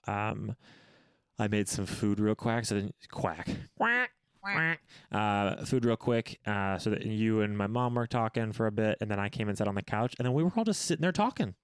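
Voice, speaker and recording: A man's voice: fairly low pitch, clear, resonant tone, dry recording. A young man co-hosting a podcast, telling a story in a laid-back way and chiming in with dramatic quotes. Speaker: podcast co-host. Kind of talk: casual storytelling.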